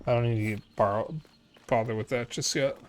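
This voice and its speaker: A man's voice: medium pitch, fairly even intonation, brisk. A sleepy man chatting casually and swearing offhandedly as he streams a video game. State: drowsy, yawning. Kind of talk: casual gameplay commentary. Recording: voice over faint game music.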